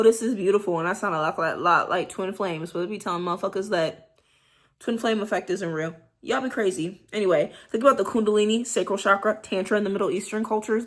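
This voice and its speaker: Candid, slangy young woman vlogger. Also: fairly low pitch. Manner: candid, slangy, animated, drops into soft breathy whispers for examples. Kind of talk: casual vlog monologue.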